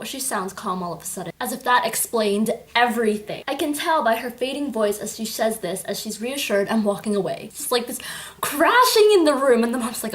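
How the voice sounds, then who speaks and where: A woman chatting casually in a book review vlog, gushing and animated as she recaps the story. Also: sits high, measured pace. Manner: animated, gushing, with acted-out quotes.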